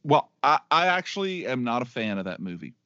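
A man's voice: mid-range voice, very animated, fairly quick, pushed and bright, dry recording. A middle-aged man co-hosting a podcast in casual chat, rambling and enthusiastic, with many restarts. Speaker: podcast co-host. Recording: dry, dull lo-fi sound.

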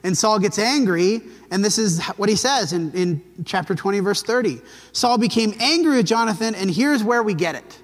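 A man teaching a Bible lesson in a relaxed, conversational way, telling the story and briefly acting out the quotes. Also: high voice, normal speed, hardly any pauses, in a large hall.

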